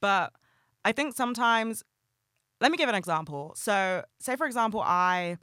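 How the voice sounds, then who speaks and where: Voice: medium pitch, animated, normal speed, sharp tone, no room sound, studio quality. A young adult host talking casually and passionately on a solo podcast, swearing freely and rambling with lots of fillers.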